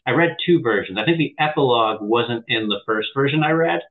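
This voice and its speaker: A man hosting a podcast, chatting in a relaxed, enthusiastic and joking way. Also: mid-range voice, brisk. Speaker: podcast host. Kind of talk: casual podcast chat. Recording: tinny phone-like call line.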